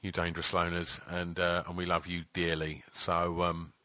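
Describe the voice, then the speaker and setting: Deep-voiced man, casual podcast banter. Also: monotone, normal speed, bright, forceful tone, no room sound. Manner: swearing, teasing, filler-heavy. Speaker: podcast co-host. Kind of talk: casual chat.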